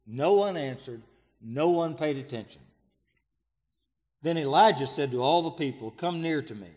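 A man's voice: fairly high pitch, expressive, normal speed. Preacher man in an echoing hall. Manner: dramatic scripture reading with sudden swells and hushes. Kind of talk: sermon reading scripture. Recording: long reverb of a large hall.

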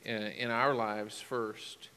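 A man's voice: on the low side, flat delivery, takes it slowly, bright, forceful tone, clean tone. Man preaching in a reverberant hall. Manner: conversational, rising emphatic bursts. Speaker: pastor. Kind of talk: sermon.

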